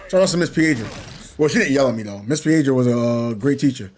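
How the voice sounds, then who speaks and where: A young man hosting a gaming channel chats casually as he plays, with slight background noise. His voice is medium-pitched and a little mellow, moving at a quick pace as he reflects, rambles, and chuckles between points.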